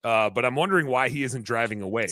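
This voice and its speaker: A man hosting a podcast, telling a long story in a rambling, animated way, full of fillers. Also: mid-range voice, fast talker, no echo. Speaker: podcast host, business owner.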